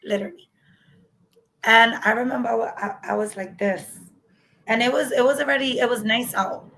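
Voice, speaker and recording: Gravelly-voiced woman telling her own story. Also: fairly high pitch, moderate pace, a bit bright, low-quality recording. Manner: candid, acts out past dialogue. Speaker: guest sharing her story. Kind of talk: personal storytelling.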